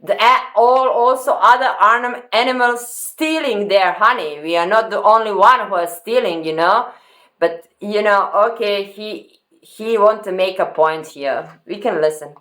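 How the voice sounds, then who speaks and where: Halting, slow-talking woman reacting to a clip. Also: mid-range voice, a bit bright. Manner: halting non-native phrasing, repeating words. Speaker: reaction video host. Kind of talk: commenting on a played clip.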